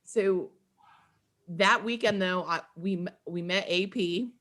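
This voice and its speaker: A woman guest on a podcast, telling stories in a lively, chatty way, laughing often and acting out quotes. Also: fairly low pitch, slow pace. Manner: animated, laughs often, acts out quoted voices. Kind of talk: casual storytelling chat.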